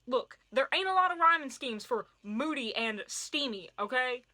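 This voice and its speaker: A woman's voice: high voice, lively intonation, moderate pace, sharp tone. A woman playing a perky romance book fairy. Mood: bossy, playful. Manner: sing-song rhyming pep talk.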